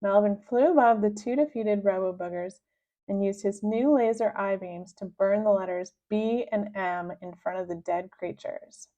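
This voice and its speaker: A woman reading a children's book aloud with expressive, lively narration. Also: normal speed. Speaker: reader. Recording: dull low-fidelity sound.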